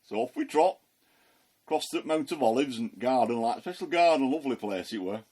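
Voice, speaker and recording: A man's voice: mid-range voice, animated, a little fast, a little mellow, natural voice. A man playing the apostle Peter, retelling the story in a chatty, folksy voice full of fillers. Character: the apostle Peter, plain-spoken working fisherman. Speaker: Christian ministry performer. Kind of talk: first-person storytelling monologue.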